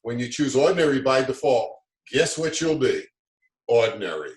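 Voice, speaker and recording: A man's voice: medium pitch, big pitch swings, moderate pace. A middle-aged man telling stories in a casual interview, upbeat and motivational, restarting his sentences often. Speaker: guest, business author. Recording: roomy echo.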